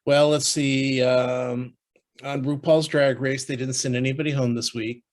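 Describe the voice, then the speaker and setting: A man co-hosting a podcast chats casually but haltingly, restarting sentences and filling gaps with "uh" and "you know," as if thinking out loud with a friend. His voice stays at an ordinary middle pitch with little pitch movement.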